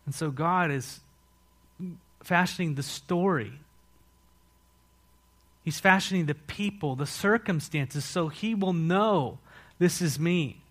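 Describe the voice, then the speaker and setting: Animated preacher man, higher voice. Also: takes it slowly, long pauses. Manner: animated storytelling with rhetorical questions. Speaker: pastor. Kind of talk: sermon.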